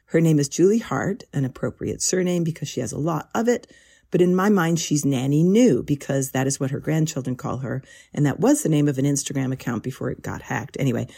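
A woman's voice: deep voice, gravelly, mellow, breathy edge. A woman hosting a gardening podcast, introducing guests with a friendly, lightly humorous manner. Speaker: podcast host.

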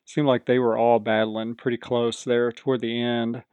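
Male podcast host, casual recap, medium pitch, dry close mic. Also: moderate pace, clean tone, no room sound, highs cut off. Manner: chatty, quotes the contestants in animated voices. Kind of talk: casual reality show recap.

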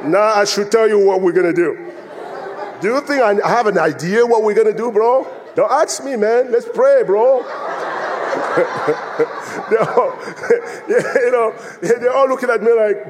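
High-voiced male preacher in a reverberant hall. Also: normal speed. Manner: animated storytelling, acting out quoted voices with laughter. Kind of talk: sermon. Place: church in Phoenix.

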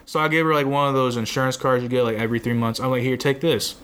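A young man tells a long story in loose, rambling casual talk, sounding fed up and letting a curse slip here and there. His voice sits at an ordinary middle pitch. A faint hum of noise runs under the recording. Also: expressive, fairly quick, long pauses, fairly bright tone. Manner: rambling, exasperated, swears often.

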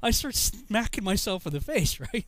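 A man from Massachusetts casually telling a story, animated and laughing often as he acts out the people in it. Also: high-pitched, normal speed, dry recording.

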